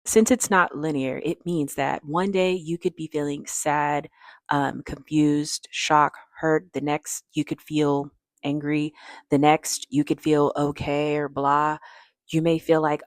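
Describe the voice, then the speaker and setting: A woman's voice: deep voice, little pitch movement, takes it slowly, no echo, clean studio sound. A woman therapist giving direct, emphatic advice to camera, often checking in with "okay?". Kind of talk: casual advice talk to camera.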